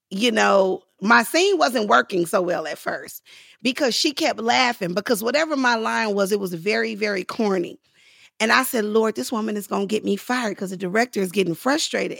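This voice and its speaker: A woman guest in a podcast interview, telling stories in a lively way and acting out the voices of the people she quotes. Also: creaky, dry recording, studio quality. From Los Angeles. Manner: acts out quoted voices with big pitch jumps, laughing, lively. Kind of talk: animated storytelling in a podcast interview.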